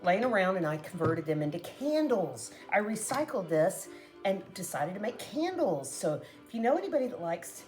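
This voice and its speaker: A woman's voice: mid-range voice, very animated, moderate pace, darkish tone, faint music behind. A woman casually chatting to viewers while cooking at home, talking to them as "guys" and laughing often. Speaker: cooking vlogger. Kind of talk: casual cooking chat to camera.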